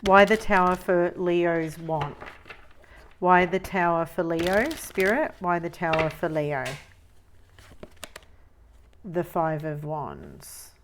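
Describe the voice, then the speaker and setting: A woman giving a tarot reading, musing slowly and repeating phrases as she reads the cards. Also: fairly low pitch, expressive, slight background noise. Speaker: tarot reader.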